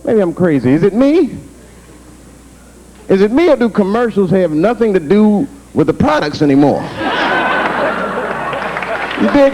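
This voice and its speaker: A young man doing a stand-up set on a club stage, telling stories in an animated way and slipping into character voices. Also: sits high, noisy background. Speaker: stand-up comedian. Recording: live comedy taping with audience. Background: crowd laughter.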